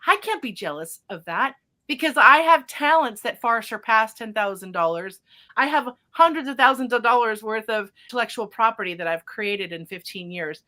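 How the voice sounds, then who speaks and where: A woman hosts a podcast as a psychic medium, telling a story in casual chat full of animated excitement and spiritual vocabulary. Her voice sits on the high side and moves at a normal speed.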